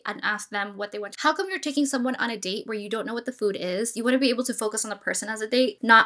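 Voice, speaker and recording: A woman's voice: fairly high pitch, fast, a bit bright. Opinionated woman giving dating advice. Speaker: host reacting to clips. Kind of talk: casual commentary.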